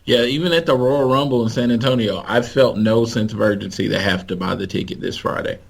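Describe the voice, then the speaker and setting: Gravelly laid-back podcast co-host. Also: male voice, fairly low pitch, brisk. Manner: laid-back, blunt opinions. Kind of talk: casual chat.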